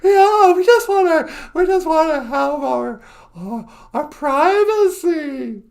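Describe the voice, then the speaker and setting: A haughty young princess in a breathy, exaggerated falsetto, as a man puts her on. She is pitched far above his own voice and pushed loud, and she drags her words out in a mocking way. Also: lively intonation, slow pace, full character voice. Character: impression of a famous princess, haughty young woman.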